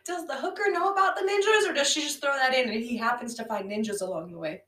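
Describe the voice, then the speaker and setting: Podcast co-host, woman, high voice, sarcastic and profane, sits far from the mic in an echoey room. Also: fast, fairly bright tone. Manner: sarcastic, swears casually. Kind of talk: casual movie-roast chat. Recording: echoey, off-mic amateur audio.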